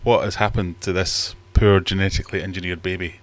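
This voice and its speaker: A man's voice: low voice, level tone, brisk. A man hosting a casual livestream chat, jokey and self-mocking, a bit out of breath. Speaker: livestream host. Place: home fish room.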